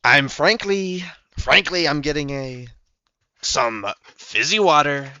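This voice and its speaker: A man's voice: on the high side, takes it slowly, sharp tone, dry recording, highs cut off, pitched above the performer's own voice, full character voice. A young man putting on the voice of a boastful older male politician, bragging in repetitive superlatives with a strained throat.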